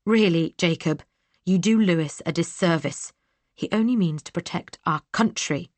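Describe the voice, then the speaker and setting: A woman's voice: on the low side, normal speed, a little mellow, dry recording, natural voice. A woman voicing a grieving young woman confronting her brother, her voice rising, pleading and tearful. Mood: tense.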